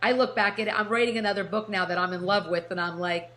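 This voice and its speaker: A woman's voice: mid-range voice, fast talker, fairly bright tone. A middle-aged woman from New Jersey with a New Jersey accent, a podcast guest and author telling her story in casual chat, laughing often and restarting her sentences.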